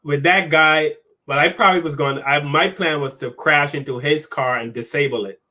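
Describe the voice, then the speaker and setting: A man talking as a guest in a casual chat, relaxed, laughing easily and repeating his points. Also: on the high side, normal speed.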